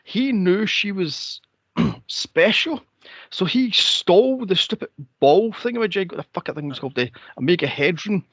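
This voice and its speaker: A man's voice: high-pitched, animated, moderate pace, a bit bright, dry recording, dull audio. A man co-hosting a movie podcast, chatting casually, swearing and mocking the film with silly impressions of its characters. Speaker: podcast co-host. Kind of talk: casual movie review chat.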